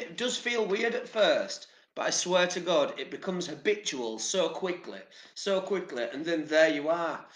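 A man's voice: on the high side, fairly bright tone, roomy sound. An English man giving casual motivational talk to camera, chatty and rambling, with casual swearing. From England. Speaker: vlogger.

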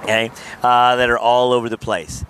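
A man's voice: mid-range voice, flat delivery, normal speed, a bit bright, slight background noise. Jokey man host asking questions. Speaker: podcast host. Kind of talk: casual podcast conversation.

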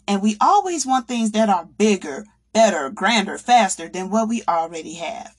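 A woman's voice: mid-range voice, lively intonation, normal speed. A woman hosting a faith podcast, addressing listeners as brothers and sisters, preaching in a conversational way and acting out people's complaints. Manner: acts out quoted complaints in a raised voice. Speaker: podcast host. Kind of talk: faith-based motivational talk.

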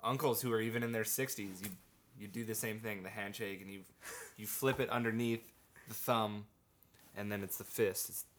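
A man's voice: fairly low pitch, steady tone, normal speed, a bit bright. A man in a casual podcast chat, easygoing and chuckling along.

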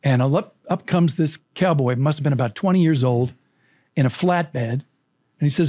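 Brief: male guest from California, lively storyteller, higher voice, dry booth sound. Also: moderate pace, dry recording. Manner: animated, vivid anecdotal storytelling with acted quotes. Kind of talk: interview storytelling.

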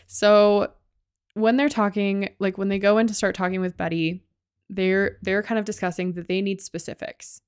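A woman's voice: medium pitch, flat delivery, moderate pace, smooth, no echo, clean studio sound. Woman recapping a ghost show, swearing. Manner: loose, sweary storytelling with many likes. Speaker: podcast co-host. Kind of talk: casual chat recapping a ghost-hunting show.

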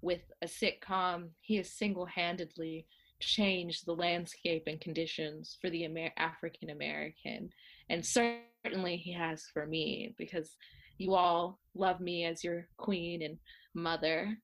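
A woman voicing a grand, self-regarding older actress famed as a sitcom mother, speaking slowly and stately with haughty poise. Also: on the low side, little pitch movement, fairly bright tone. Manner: slow, stately, haughty speech. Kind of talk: comedic impression.

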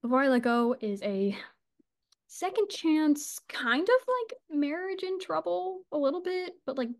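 A woman's voice: high voice, animated, unhurried. A woman co-hosting a casual book podcast, gushing and chatty, swearing and laughing as she talks. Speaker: podcast co-host.

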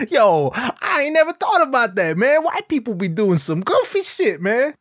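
A man voicing an excited young male audience member who talks in loud, amazed street slang. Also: very high-pitched, slow pace, dry recording, clean studio sound, pitched above the performer's own voice, exaggerated voice.

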